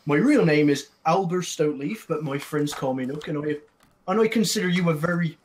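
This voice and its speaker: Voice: mid-range voice, a little hiss or hum, close to an everyday voice. A player voicing a small, chatty male travelling merchant who rambles and apologizes in a flustered way during a tabletop game. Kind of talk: tabletop role-play in character.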